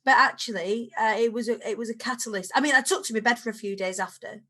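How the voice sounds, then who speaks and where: A woman in her thirties with a Lancashire accent, a podcast guest telling her story in animated conversation. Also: fairly high pitch, fast. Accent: Lancashire English. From England. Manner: animated storytelling, rising sharply when excited. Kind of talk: conversational interview.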